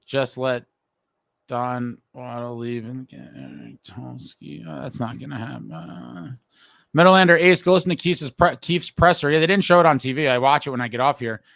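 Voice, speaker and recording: A frustrated male host with a bright, forceful voice and a slightly raised pitch, venting bluntly and casually swearing as he reads viewer comments. The sound is close and dry, with no room echo at all. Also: brisk, vocal fry. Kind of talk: casual live-stream talk.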